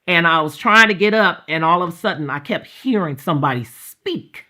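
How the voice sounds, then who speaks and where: Bright-voiced woman telling her testimony. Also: fairly low pitch, lively intonation, moderate pace. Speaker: guest sharing her faith testimony. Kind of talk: emotional personal testimony.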